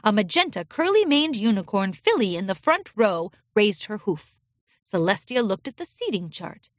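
A woman narrating a storybook chapter in an expressive, storytelling way. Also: medium pitch, moderate pace, no echo, clean studio sound.

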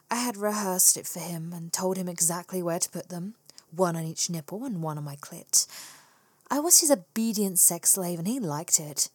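Woman, erotic story narration, husky and breathy, frequent whispers, dry close sound. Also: on the low side, no room sound.

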